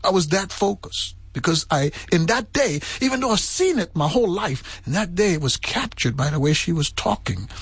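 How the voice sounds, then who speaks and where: Husky, animated preaching man. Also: dry recording. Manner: impassioned preaching, rising in pitch. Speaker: pastor. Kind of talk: sermon.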